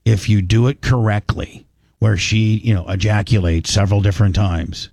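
A man's voice: fairly low pitch, fairly even intonation, moderate pace, gravelly, a little mellow, no echo. Radio host guy rambling, lots of stammery restarts, dry close sound. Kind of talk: crude casual talk radio banter.

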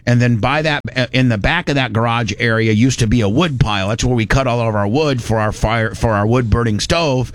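A man's voice: mid-range voice, a little fast, hardly any pauses, no echo. A man from Indiana telling a rambling, folksy story in casual chat, slipping into voices for the people he quotes.

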